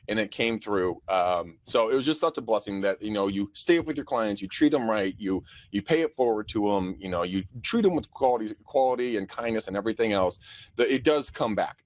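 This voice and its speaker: A man in his forties co-hosting a real estate show, talking in an energetic, profane, joking way and laughing often. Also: lowish voice, brisk, no room sound, highs cut off. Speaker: podcast co-host, real estate agent. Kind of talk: casual chat. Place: office.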